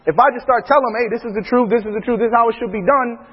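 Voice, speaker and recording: In a very fast, casual chat, a preacher with a high, husky male voice tells animated stories about his family and laughs often. The audio sounds dull, with a long reverb trailing behind.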